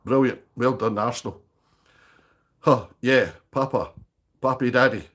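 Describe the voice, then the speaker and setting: Husky man chatting on a livestream. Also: medium pitch, measured pace, a bit bright. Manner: chatty, banters with viewers by name. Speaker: live streamer host. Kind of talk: casual livestream chat reading viewer comments.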